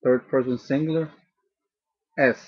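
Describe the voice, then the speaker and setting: A man teaching a grammar lesson, repeating each word slowly to drill its pronunciation. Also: medium pitch, steady tone, husky, muffled recording. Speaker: language teacher. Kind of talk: slow spoken grammar lesson.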